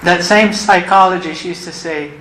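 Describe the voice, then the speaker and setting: A woman's voice: lowish voice, a bit bright. Earnest woman speaking in an echoey room. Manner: earnest and reflective, repeats phrases, halting restarts. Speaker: closing speaker at a recovery convention. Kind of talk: personal recovery share, spoken from the podium. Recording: roomy live talk recording with faint noise.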